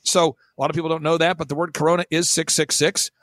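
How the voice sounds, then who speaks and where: A man, a guest on a talk show, telling stories in an emphatic, punchy way with quick bursts of mimicry. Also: a little high, level tone, a bit bright, no room sound. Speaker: guest speaker. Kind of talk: animated storytelling on a talk show.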